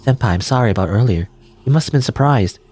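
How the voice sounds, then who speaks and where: A man's voice: medium pitch, expressive, quick pace, darkish tone, husky. A man voicing a clingy, obsessive young female student who stalks her senior, in an anxious, pleading manner.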